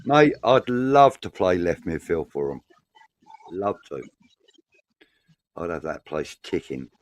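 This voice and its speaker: Low-voiced man in casual banter. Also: big pitch swings, slow, no room sound. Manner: banter, swearing, laughing. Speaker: podcast co-host reading viewer comments. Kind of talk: casual fan chat.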